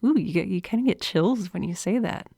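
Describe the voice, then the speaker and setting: Speaking brisk and close into a studio mic, this podcast host has a mid-range, dark voice with a breathy edge, vocal fry and lively intonation. She talks alone in an earnest, confiding manner, a smile audible, with no room sound.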